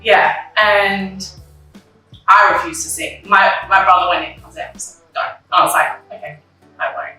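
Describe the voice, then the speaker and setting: A young woman speaks openly in a bright voice, full of likes and ums, often acting out what she and others said back then. She sounds a little off the microphone, in a very echoey room. Faint music plays under her. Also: mid-range voice, fairly even intonation, moderate pace, distant mic. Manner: candid, emotional, retells her own past dialogue, many likes and ums. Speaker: interview guest. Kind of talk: personal conversation about grief.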